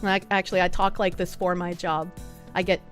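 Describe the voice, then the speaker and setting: A woman streamer chatting casually and crudely, sarcastic and quick to laugh. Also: fairly low pitch, level tone, faint music behind. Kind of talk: casual livestream chat.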